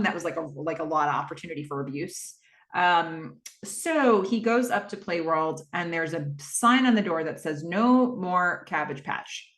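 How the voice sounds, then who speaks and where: A woman hosting a podcast recaps a TV episode, chatty and rambling, packed with fillers and quick acted-out quotes. Her voice is on the low side with a fairly bright tone, in a reverberant recording.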